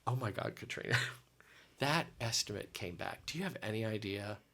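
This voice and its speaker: A man guest telling an expressive, self-deprecating story in an interview, with frequent restarts. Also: fairly low pitch, normal speed. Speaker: guest consultant.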